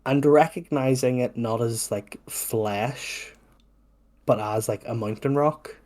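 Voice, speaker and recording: A man's voice: mid-range voice, slow pace, darkish tone. A man running a tabletop game as game master, describing scenes in a meandering way full of "like". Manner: meandering, hedging with "like".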